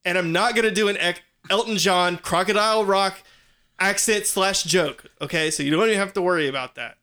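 A man's voice: sits high, fairly quick, sharp tone. A young man co-hosting a comedy podcast, rambling casually with lots of fillers and jokes. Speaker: podcast co-host.

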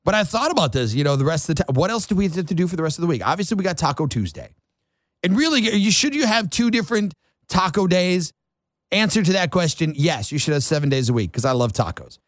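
Male morning radio host, rambling and self-mocking, lively pitch; close, dry studio mic. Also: quick pace, no echo. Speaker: radio talk show host. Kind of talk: casual morning radio chat.

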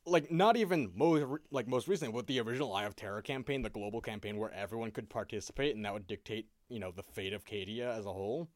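A man's voice: lowish voice, fast talker, few pauses, dry recording, clean studio sound. A man co-hosting a podcast in casual chat, swearing freely and laughing often as he talks. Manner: profane, animated, laughs often. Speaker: podcast co-host.

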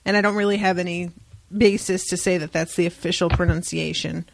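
Woman podcaster recapping a book, gravelly fry in her voice, dry close sound, swears a lot. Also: lowish voice, fairly quick, no room sound. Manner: animated retelling, dry asides, swears freely. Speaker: podcast host. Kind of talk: casual book discussion.

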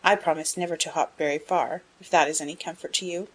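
A woman reading a spirited, frank, headstrong young woman in an audiobook, in a brisk, emphatic way. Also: low voice, slight background noise, close to an everyday voice. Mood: earnest. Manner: brisk, emphatic, rising to excited outbursts.

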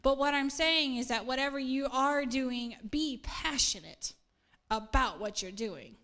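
A woman's voice: high voice, a little slow, pushed and bright. A middle-aged woman pastor, preaching a casual sermon in an earnest, chatty way and laughing at herself now and then.

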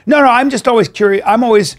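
A middle-aged man co-hosting a podcast in casual chat, talking fast and trailing off into mumbles. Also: very high voice. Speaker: podcast co-host.

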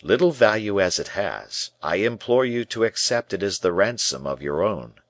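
A man reading the part of a calm, guarded male bishop who answers in slow, grave, measured replies. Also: fairly low pitch, dry recording.

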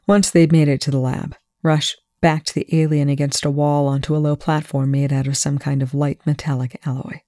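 A fan fiction audiobook narrator with a mid-pitched voice, reading in an even, measured way. The recording is dry and close. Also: no echo. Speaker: audiobook reader.

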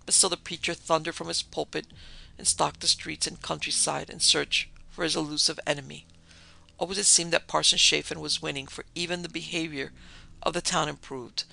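A man narrating a dark story in a measured, dramatic way. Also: fairly high pitch, vocal fry, rough recording.

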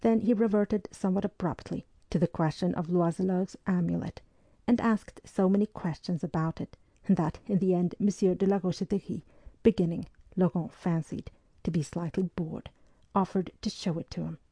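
A woman narrating a historical novel aloud, reading in a measured, even way and giving the dialogue soft voices. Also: lowish voice, breathy edge, dry recording. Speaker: audiobook narrator.

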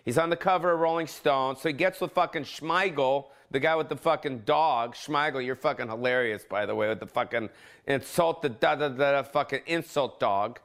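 A man's voice: mid-range voice, moderate pace. A man hosting his own podcast, ranting casually from home with heavy swearing and sudden mock voices. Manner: profane, animated, jumps into mock voices. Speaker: podcast host. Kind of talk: casual solo rant.

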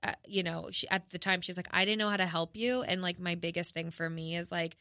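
A woman's voice: on the low side, flat delivery, quick pace, sharp tone, no echo, clean studio sound. A young woman telling a personal story in a casual podcast chat, candid and emotional, with many fillers.

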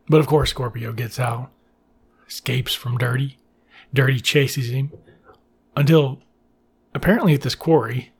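A man with a gravelly, husky voice retells a movie's plot in loose, profane chat. He drifts into wry side remarks and second-guesses himself as he goes. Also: mid-range voice. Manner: profane, wry, rambling asides. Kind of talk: casual movie recap.

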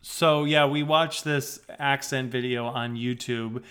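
Relaxed man recapping a comic. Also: mid-range voice, slow pace. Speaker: podcast co-host. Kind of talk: casual comic book recap chat.

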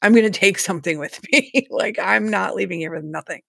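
A woman's voice: medium pitch, fairly quick, creaky, sharp tone, dry recording, studio quality. A woman telling her own painful story as an interview guest, candid and emotional, with a few nervous laughs. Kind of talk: personal story told in an interview.

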